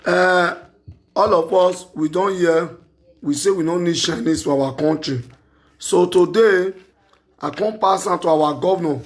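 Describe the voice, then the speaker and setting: A man's voice: sits high, a little slow. A man from Nigeria with a Nigerian Pidgin English accent, hosting a call-in talk show and making an impassioned, pleading appeal.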